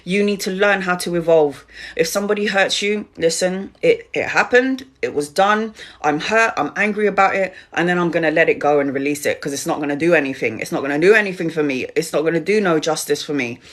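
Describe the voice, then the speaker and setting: A middle-aged woman who reads tarot gives a spiritual talk on a live stream, addressing her viewers directly. She talks fast in a lowish voice and repeats herself for emphasis.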